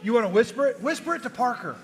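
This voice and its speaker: A man's voice: extremely high pitch, lively intonation, rapid-fire, long reverb tail. A man hosting a live youth group show, playful and chatty, coaxing kids along with encouragement.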